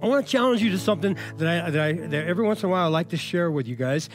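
A high-pitched man preaching a sermon in an emphatic, conversational way. He keeps checking in with the congregation through casual asides, and faint music plays behind him. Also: animated, racing. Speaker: pastor.

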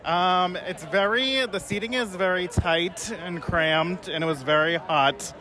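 A man's voice: high-pitched, a little slow, pushed and bright. A man speaking as a guest fan outdoors on a city street, eager and a bit shy.

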